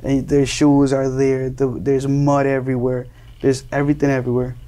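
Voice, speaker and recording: A man's voice: medium pitch, completely flat delivery, moderate pace, mellow. A young man from Colombia, a guest in an interview, earnestly telling his story and often repeating and restarting words as he searches for phrasing. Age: young adult.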